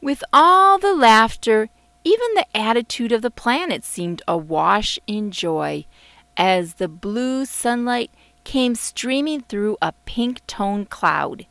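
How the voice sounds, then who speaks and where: A woman, the author, narrating her children's storybook in a gentle, expressive way. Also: a little high, takes it slowly, dry recording. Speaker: author reading her book. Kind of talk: audiobook narration.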